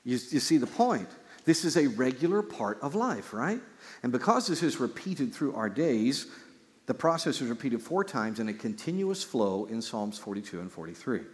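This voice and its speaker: A pastor preaching a sermon, reading scripture and explaining it with lively restarts. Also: male voice, medium pitch, moderate pace. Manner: animated preaching with repeated restarts. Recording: hall reverb.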